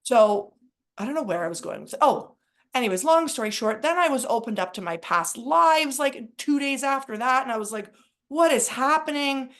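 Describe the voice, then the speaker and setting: A woman co-hosting a podcast, telling a rambling, excitable story in casual chat, full of "like". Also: fairly high pitch, normal speed. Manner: rambling and excitable, heavy use of "like". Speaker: podcast co-host.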